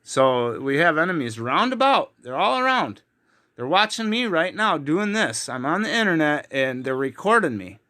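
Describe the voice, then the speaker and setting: A man's voice: fairly high pitch, very animated, normal speed, sharp tone. A man teaching from the Bible in an online video, heated and emphatic, with frequent fillers. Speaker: preacher.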